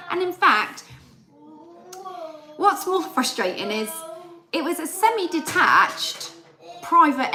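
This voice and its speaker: A woman's voice: sits high, sharp tone, roomy sound. A young adult woman, chatting casually on a live stream and telling a story with re-enacted dialogue. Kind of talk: casual chat.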